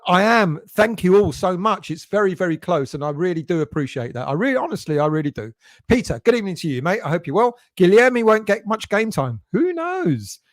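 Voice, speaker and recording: A man's voice: sits high, lively intonation, a little fast, dry recording, studio quality. A man hosting a casual live stream, chatting and greeting viewers by name as he reads their messages. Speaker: fan channel host reading live chat.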